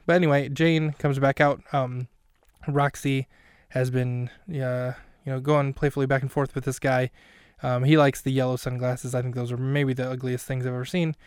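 A man's voice: medium pitch, clear, resonant tone, no echo, studio quality. A man hosting a podcast who recaps a film scene by scene in a rambling, self-mocking way with plenty of fillers. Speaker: podcast host.

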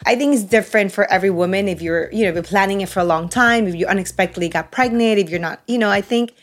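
A woman's voice: medium pitch, fast, faint music behind. A woman hosting a casual interview, chatting and sharing her own experience with sympathetic interjections. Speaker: host.

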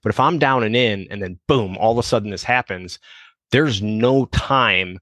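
A man co-hosting a podcast, talking things through slowly, restarting and repeating words as he thinks. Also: lowish voice, fairly bright tone, no room sound. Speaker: podcast co-host. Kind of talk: casual conversational discussion.

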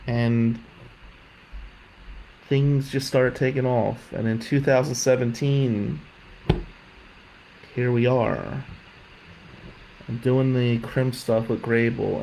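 In a jail visiting room, a man with a mid-range, creaky, darkish voice tells his own life story with candor, rambling and swearing when he gets upset. The recording is low quality, with a faint hiss behind him, and the storytelling is emotional.

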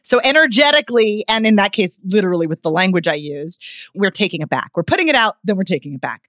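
A woman vocal coach giving expressive feedback on voices in a podcast conversation. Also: mid-range voice, fast talker, no echo, studio quality. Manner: expressive, demonstrates vocal points.

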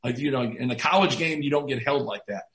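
A man's voice: medium pitch, fast talker, a bit bright. A middle-aged man, a college basketball head coach, telling stories in a casual podcast interview, rambling with many "like"s and poking fun at himself. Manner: rambling, heavy use of "like", self-deprecating. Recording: roomy echo.

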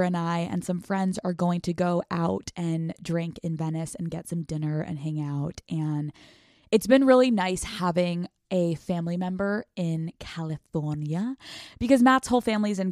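A woman's voice: lowish voice, a little mellow, no room sound, clean studio sound. A woman hosting her own podcast from her bedroom, talking casually in a candid, rambling and profane way and laughing easily. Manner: chatty, candid and profane, with a giggly, rambling delivery. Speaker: podcast host. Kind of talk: casual solo podcast chat.

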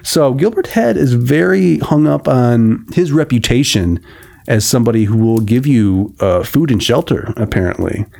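A man's voice: medium pitch, expressive, normal speed, gravelly, a little mellow. Wry man reading a novel aloud. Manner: wry, joking asides. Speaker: reader and commentator.

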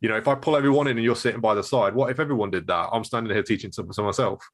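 A man's voice: fairly low pitch, racing. A man who runs a martial arts gym, thinking aloud in casual chat with many fillers and restarts. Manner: reflective, hesitant, many fillers.

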